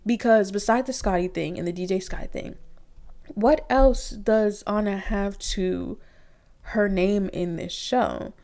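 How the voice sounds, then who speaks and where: A young adult woman casually reviewing a reality TV episode, animated and profane, often acting out quotes in exaggerated voices, recorded on a computer mic. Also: medium pitch.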